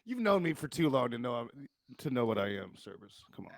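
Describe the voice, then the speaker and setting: A man's voice: mid-range voice, sing-song, fast, vocal fry. A man on a panel stream, talking casually with many hesitations and restarts. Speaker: panel guest.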